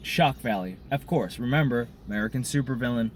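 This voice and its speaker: A man ranting in a profane monologue to camera, smoking a cigar as he talks, swinging between loud outbursts and muttered asides. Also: medium pitch, brisk, a little hiss or hum. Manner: smoking a cigar while talking. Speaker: vlogger.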